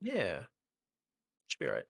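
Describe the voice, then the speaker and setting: A man's voice: deep voice, wildly swooping pitch, slow, creaky, fairly bright tone, breathy edge, dry recording, studio quality. A man co-hosting a live stream talk show, bantering with jokes at his own expense. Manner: joking, self-deprecating banter. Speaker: podcast co-host. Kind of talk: casual chat.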